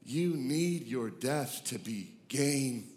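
A man, preaching a sermon, moving from hushed reflection to loud, excited declarations. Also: medium pitch, slow, a little hiss or hum. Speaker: pastor.

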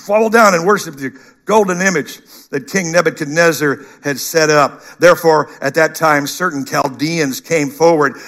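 A middle-aged man preaching a sermon, animated, dropping to a hush and rising to loud bursts. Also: a little high, normal speed. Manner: animated, shifts between hushed and shouted. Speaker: pastor.

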